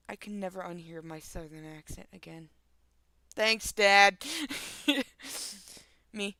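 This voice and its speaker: A woman's voice: on the low side, a little slow, pushed and bright, clean tone, no room sound. A young woman streamer from the northern United States, reading online stories aloud and adding casual, swear-laden commentary. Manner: casual, swears and laughs in asides.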